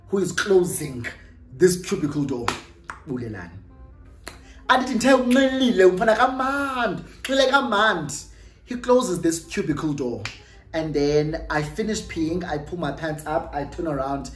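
A young adult YouTuber with a South African accent tells a storytime vlog in an animated, gossipy way, sprinkling in Xhosa phrases and tag questions. Her voice sits in the mid-range and moves a little slowly. The recording has a roomy echo with faint music behind it.

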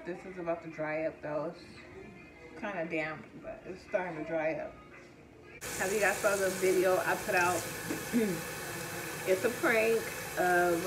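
Chatty young woman vlogging with background noise. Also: on the low side. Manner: chatty, slangy and candid, rambling storytelling. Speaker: vlogger and mother. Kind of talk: casual vlog chat to camera. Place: home, then outdoors. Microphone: handheld phone camera.

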